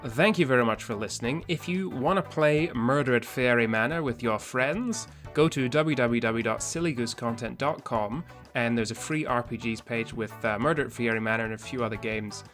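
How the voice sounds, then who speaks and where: A co-host and player on a comedy role-play podcast rambles through pretend detective accusations and then wraps up the episode. His medium-pitched voice is fairly bright and moves at normal speed, with faint music behind.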